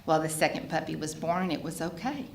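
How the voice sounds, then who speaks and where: An older woman telling her personal recovery story in an animated way, laughing often as she speaks. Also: sits low, fast, gravelly. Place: meeting hall. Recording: echoey hall, faint ambience.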